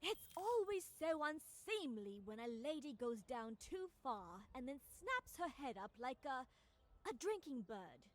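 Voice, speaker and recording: Prim stuck-up noble lady in a game, high and slow, very sing-song. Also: big pitch swings. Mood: haughty. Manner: prim and condescending. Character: haughty self-important noblewoman.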